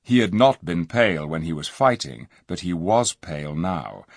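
Man, storybook narrator, husky, animated pitch, expressive. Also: moderate pace, dry recording, clean studio sound. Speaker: audiobook narrator. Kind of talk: storybook reading.

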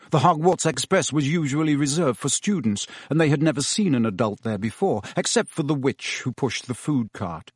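A man reading a story aloud in a measured way, his voice rising and falling with lively intonation. The sound is close and dry, with no room around it. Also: medium pitch, no echo. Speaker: audiobook narrator. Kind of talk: scripted narration.

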